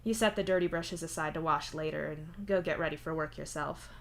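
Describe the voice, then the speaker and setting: Brief: woman narrator, lowish voice, steady story reading. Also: fairly quick, creaky. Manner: even second-person narration. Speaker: fanfiction reader. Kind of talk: audiobook-style story reading.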